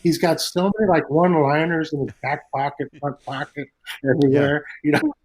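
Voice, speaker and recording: Laid-back Southern California comedian. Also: male voice, a little high, a little fast, low-quality recording. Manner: laid-back, laughs at own stories. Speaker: stand-up comedian guest. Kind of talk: casual chat.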